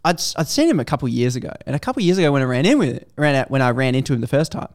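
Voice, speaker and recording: A man co-hosting a podcast in casual chat, animated and slipping into voices for quotes. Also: medium pitch, racing. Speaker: podcast co-host.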